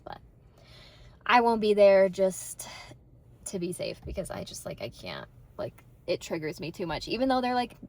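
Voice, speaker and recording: Behind the wheel, a young woman with a mid-range voice vents in casual vlog talk, blunt and profane. The recording is rough.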